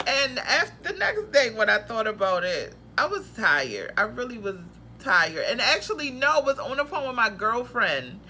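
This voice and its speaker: Bright-voiced woman telling a story. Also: sits high, normal speed, hardly any pauses, slight background noise. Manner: expressive, slangy, dramatic retelling. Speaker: travel nurse vlogger. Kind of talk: casual storytelling vlog.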